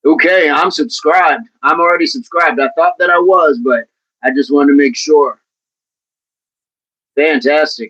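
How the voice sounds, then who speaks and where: A man's voice: on the high side, measured pace, pauses often, pushed and bright, highs cut off. A man hosting a casual livestream, reading out viewers' comments and chatting back to them in a playful way. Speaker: livestream host reading chat.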